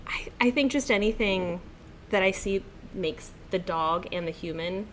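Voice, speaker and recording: A woman's voice: medium pitch, a little slow. Woman, pet care business owner, chatty, enthusiastic, faint background hiss. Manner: chatty, enthusiastic, self-described dog training nerd. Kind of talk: casual chat.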